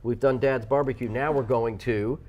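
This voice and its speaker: A man's voice: medium pitch, fairly even intonation, normal speed, darkish tone. A man co-hosting a live local TV shopping show, chatty and talkative, who jumps now and then into a mock tough-guy voice. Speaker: local TV co-host. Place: TV studio.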